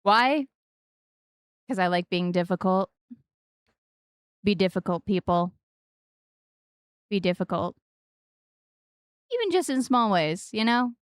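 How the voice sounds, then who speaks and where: A woman in her forties chats casually on a game stream, close on the mic in a dry, deadened room. Her voice is smooth and clear, and she playfully leaps into high, sing-song stresses on the wrong syllables. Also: lively intonation, measured pace, pauses often, dry recording. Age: 40s.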